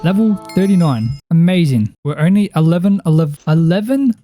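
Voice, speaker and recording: Chatty Australian man, very dark voice. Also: a little high, animated, fairly quick, dry recording, soft background music. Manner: chatty, rambling, thinks aloud. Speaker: gaming channel host. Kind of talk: casual gameplay commentary.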